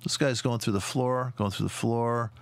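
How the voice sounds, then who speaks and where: A man's voice: mid-range voice, fairly even intonation, normal speed, creaky, no room sound. Profane rambling man reviewing charts. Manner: profane, sarcastic, tangential, mocking asides. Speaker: market commentator. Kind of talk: rambling screen-share chart commentary.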